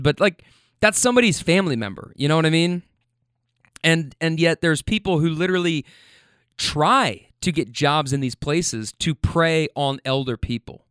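A man in his twenties telling stories from his rideshare driving in a casual, animated way, swearing freely. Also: on the high side, clear, resonant tone, no room sound, clean studio sound. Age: 20s. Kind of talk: casual storytelling monologue.

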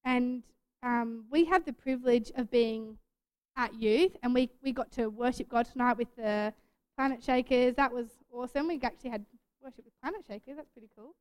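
A woman's voice: on the high side, normal speed, clean tone. A young woman telling a chatty personal story in a casual devotional talk to a youth group, full of "like" fillers.

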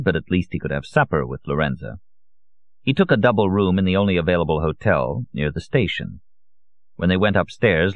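Male audiobook narrator, very low voice, dry dull recording, measured read. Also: no room sound. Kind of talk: scripted narration.

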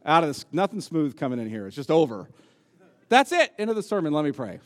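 A man's voice: fairly high pitch, big pitch swings, quick pace. A man preaching a sermon as pastor, emphatic and repeating key words for stress. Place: church sanctuary. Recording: long reverb of a church hall.

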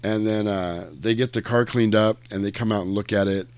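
A man with a lowish voice tells a long story in a loose, rambling way. He swears freely, hesitates with plenty of ums, and lurches ahead with bursts of energy. The sound is close and very dry, with no room in it. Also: a little fast, smooth, no echo. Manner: rambling, profane, animated storyteller with many fillers. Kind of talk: casual conversational retelling.

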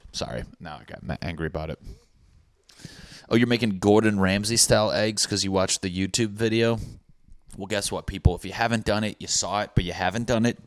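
A man with a very low, deep voice rambles through a casual solo podcast, swearing freely and joking as he drifts from one tangent to the next. The sound is dry and close, with little room around it. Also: dry recording. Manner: rambling, profane, jokey, goes off on tangents. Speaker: podcast host. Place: apartment room with thin walls.

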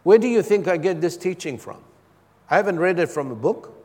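A man's voice: high voice, animated, brisk, a little mellow, husky. A man preaching a sermon as a pastor, asking his congregation for responses between points. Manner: preaching with call-and-response asides. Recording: long hall reverb.

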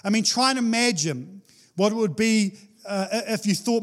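A man preaching a sermon, reading scripture and explaining it in a casual, animated way with playful asides. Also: sits high, moderate pace. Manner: animated, playful, acts out quoted voices with laughs.

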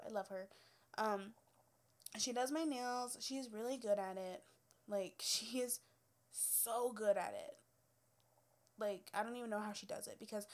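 A young woman with a slightly high voice tells stories casually. She swears freely, laughs often and mimics the people she quotes. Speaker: hairstylist. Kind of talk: casual storytelling chat.

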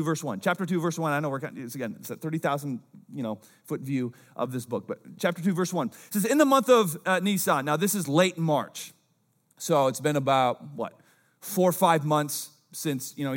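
Man, young adult, pastor, conversational sermon, slightly high voice, quiet asides and loud emphasis.

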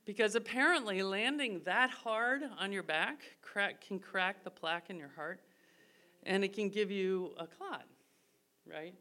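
In a live stage show, a woman from an Irish family recounts a humorous personal story with a medium-pitched, bright, forceful voice. She's unhurried, chatty, and quick to poke fun at herself, laughing as she talks.

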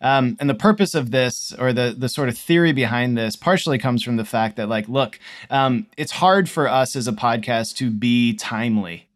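Casting: male podcast host, mid pitch, thoughtful, musing. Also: normal speed, hardly any pauses. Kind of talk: casual podcast chat.

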